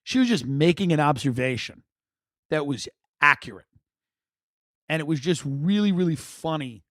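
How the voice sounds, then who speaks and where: Male podcast host, rambling comic storyteller, wry and animated, slightly high voice. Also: normal speed, no echo, studio quality.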